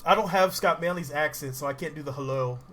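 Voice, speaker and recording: A man's voice: fairly high pitch, fast talker, fairly bright tone. A man from the Southern US giving casual livestream commentary while he plays a game, laughing often and greeting viewers in chat.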